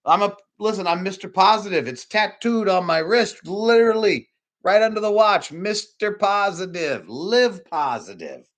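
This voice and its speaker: A man giving an informal sermon, rambling and repeating himself, with emphatic swings between loud bursts and low murmurs. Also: animated, normal speed. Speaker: preacher.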